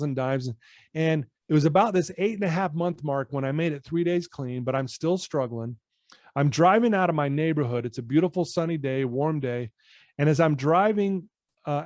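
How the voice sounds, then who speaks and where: A man in his fifties, a personal-development coach, telling a personal story to a podcast host in an earnest, animated way. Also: fairly high pitch, no echo, clean studio sound.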